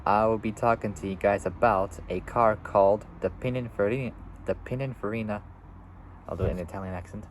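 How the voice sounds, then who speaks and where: A man's voice: medium pitch, slight background noise, poor audio. A seventeen-year-old boy vlogging outdoors, rambling casually with lots of fillers and restarts. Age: teens. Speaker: YouTuber. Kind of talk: casual vlog.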